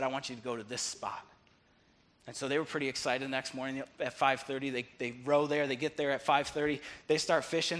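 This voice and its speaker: A man with a slightly higher voice, preaching with energy and telling a story from the pulpit. He acts out the voices of the people in his story, drops to a near whisper for quiet moments and rises sharply when the story builds. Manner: storytelling with acted-out dialogue, swinging from hushed to loud. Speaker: pastor. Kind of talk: sermon.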